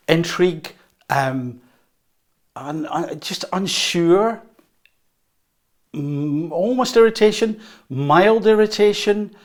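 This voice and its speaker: Man giving an animated whiteboard lecture. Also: a little high. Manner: animated, acts out inner voices; unscripted, with fillers and repeats. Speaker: teacher.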